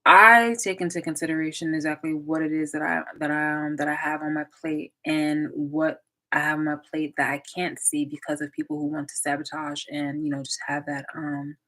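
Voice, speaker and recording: Young woman, slightly low voice, casual live-stream rambling, lots of ums and restarts. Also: little pitch movement, moderate pace, pushed and bright, poor audio. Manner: chatty, lots of fillers and restarts. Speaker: vlogger waiting for live chat.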